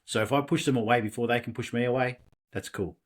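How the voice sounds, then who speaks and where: A man's voice: medium pitch, steady tone, fast. Candid man telling his story. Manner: candid, rambling, with many restarts and acted quotes. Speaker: podcast guest. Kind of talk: personal storytelling in an interview.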